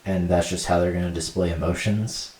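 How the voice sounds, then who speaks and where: A man's voice: low-pitched, fairly even intonation, a little fast, darkish tone, recorded from a distance. A young man co-hosting a podcast in casual chat, rambling with lots of fillers and laughing easily. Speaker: podcast co-host. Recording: roomy sound from off mic.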